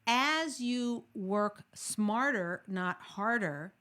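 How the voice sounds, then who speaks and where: A woman's voice: medium pitch, extremely slow, no echo. Woman talk show host, advice chat, jokey, restarts often, dry close sound. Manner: lively, jokey, thinks aloud with many restarts.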